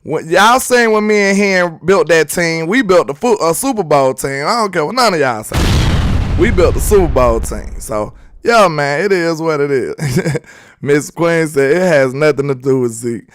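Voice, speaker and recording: A man's voice: a little high, lively intonation, moderate pace, slight background noise. Joking Southern man on sports talk. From Alabama, US. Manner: loose, joking, conversational, slangy. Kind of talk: live sports talk reading viewer chat.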